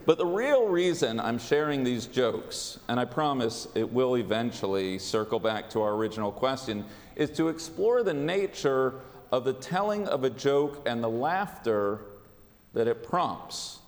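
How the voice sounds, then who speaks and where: A man giving a sermon as a rabbi, with a measured, wry delivery. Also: mid-range voice, sing-song. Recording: long hall reverb.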